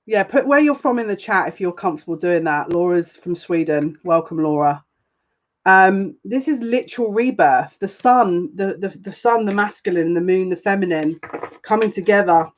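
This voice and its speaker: A woman giving a live-streamed tarot reading, chatting with viewers, emotional and gushing, with excitable quick restarts. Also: lowish voice, lo-fi sound. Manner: emotional and gushing, easily moved. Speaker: psychic tarot reader.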